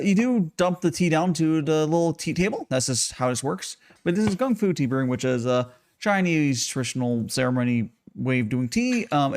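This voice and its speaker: Rambly streamer guy, voice sits a bit high, swears casually, says hi to everyone in chat. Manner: rambling and chatty, swears offhandedly, greets chat viewers by name. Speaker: streamer brewing tea live.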